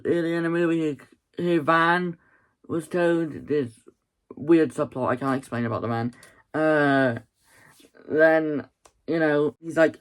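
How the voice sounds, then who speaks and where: A man's voice: a little high, clear, resonant tone. A man casually recapping a film plot in a rambling, chatty way, full of fillers and laughs. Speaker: movie reviewer.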